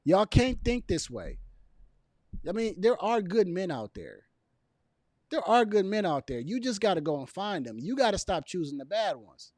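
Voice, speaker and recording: A man talking straight to camera in a loose, opinionated commentary, his voice sitting a little high and swinging widely up and down. He hammers his points by saying them twice and laughs softly between lines, and the sound is close and dry with no room around it. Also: very animated, moderate pace, dry recording. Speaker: video commentator.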